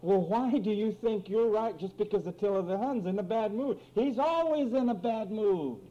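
A man preaching a lively sermon on marriage quarrels, acting out both spouses in mock voices and reading scripture. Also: high-pitched, moderate pace. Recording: dull lo-fi recording with faint room noise.

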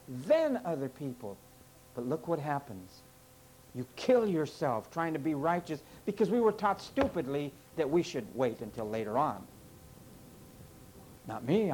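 A man's voice: fairly high pitch, darkish tone, slight background noise, poor audio. A man preaching a sermon to a congregation, emphatic and full of rhetorical questions. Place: church with parking lot.

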